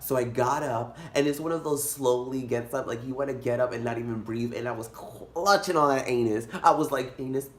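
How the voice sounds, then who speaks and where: A young man telling a comic story in a vlog, animated and dramatic, jumping into high squeals. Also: brisk, hardly any pauses. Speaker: vlogger. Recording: echoey room.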